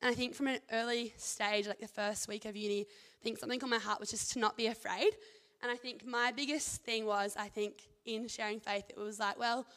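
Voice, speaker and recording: A woman's voice: fairly high pitch, fairly even intonation, a little fast, sharp tone, in a large hall. A young woman sharing her faith testimony in an earnest, chatty way, then reading scripture aloud. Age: young adult. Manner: earnest, chatty, leans heavily on "like" and "I think".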